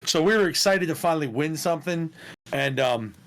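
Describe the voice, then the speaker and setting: A man co-hosting a podcast who tells stories in a casual, animated way, swearing and laughing as he goes. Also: a little high, a little fast. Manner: animated, profane, laughs through his stories. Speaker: podcast co-host. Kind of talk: casual storytelling chat.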